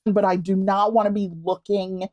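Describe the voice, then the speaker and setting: A woman co-hosting a casual podcast livestream, speaking at an everyday mid pitch. She is laid-back and candid, and talks about herself in a self-deprecating way. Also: little pitch movement, moderate pace, a little mellow, lo-fi sound. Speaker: podcast co-host.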